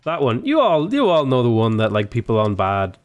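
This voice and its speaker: Medium in pitch but swinging wildly up and down, the voice of this young Australian gaming YouTuber moves a little fast. He gives loose, rambling commentary on a strategy game, addressing his units directly.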